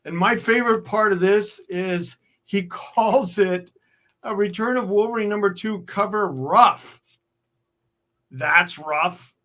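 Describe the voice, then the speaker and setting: A man's voice: high-pitched, sharp tone. A man showing original comic art on a live sales stream, admiring each piece as he talks. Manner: slow, admiring, musing over artwork.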